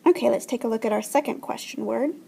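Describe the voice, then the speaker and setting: Woman teacher, husky, mellow, slightly high, careful explaining, voice-over lesson. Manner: slow, careful explaining with modelled French phrases. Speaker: French teacher. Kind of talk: recorded language lesson voice-over. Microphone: screen-recording voice-over.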